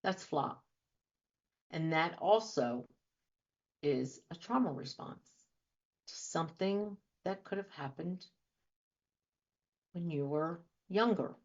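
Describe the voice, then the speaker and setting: A woman's voice: lowish voice, lively intonation, slow, pauses often. A woman hosting a radio talk show as a trauma and life coach, talking earnestly and asking many rhetorical questions. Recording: dull lo-fi audio.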